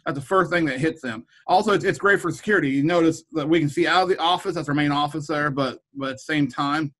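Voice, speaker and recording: A man's voice: fairly high pitch, fast talker, a bit bright, rough recording. A man, a middle school principal, chatting casually on a podcast, rambling with frequent repeated words and restarts. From Kansas.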